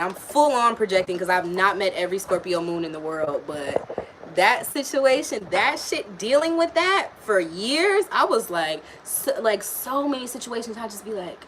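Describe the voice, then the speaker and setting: This is a woman running a live tarot reading in a relaxed, unscripted way. Her pitch is mid-range and her talk is slangy and blunt, with casual swearing thrown in. She speaks straight to her viewers as if they were friends in the room. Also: slight background noise. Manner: blunt, slangy, swears freely, talks to chat. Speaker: tarot and astrology reader.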